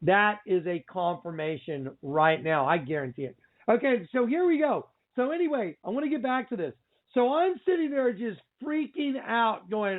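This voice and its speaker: A man hosting a religious talk radio show, telling a story in an excitable, exclaiming way with lots of repeated phrases. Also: sits high, normal speed. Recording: tinny phone-like line.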